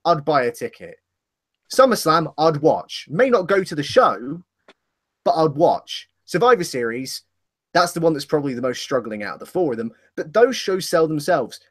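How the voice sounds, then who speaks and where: A man co-hosting a casual wrestling podcast, talking in a rambling way and correcting himself as he goes. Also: on the high side. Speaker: podcast co-host.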